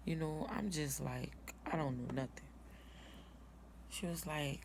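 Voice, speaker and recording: A woman's voice: sits low, fairly even intonation, unhurried, vocal fry, a little hiss or hum. A woman telling her birth story in a casual vlog, acting out each person's words as she goes. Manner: casual, retells dialogue in quotes.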